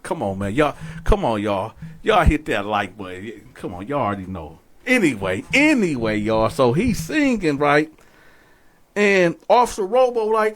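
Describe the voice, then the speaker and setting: Animated man telling a story to viewers. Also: medium pitch, moderate pace. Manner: animated, profane, talks straight to viewers. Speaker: storyteller host. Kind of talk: casual storytelling to camera.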